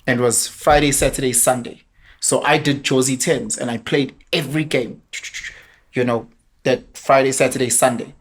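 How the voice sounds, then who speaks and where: A young South African man telling a story in casual chat, animated and laughing, switching into Zulu now and then. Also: mid-range voice, moderate pace. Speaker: podcast guest.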